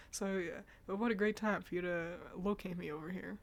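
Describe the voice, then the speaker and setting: A woman's voice: fairly low pitch, measured pace. A woman streaming live, chatting casually about games while sick and congested, laughing often.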